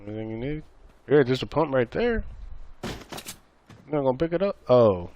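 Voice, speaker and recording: A man's voice: medium pitch, very animated, moderate pace, darkish tone, slight background noise. A man streaming a live game with viewers, chatting loosely in a rambling, repetitive way with many fillers. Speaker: gaming streamer. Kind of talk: live gameplay commentary with viewers. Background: gunfire and game sounds.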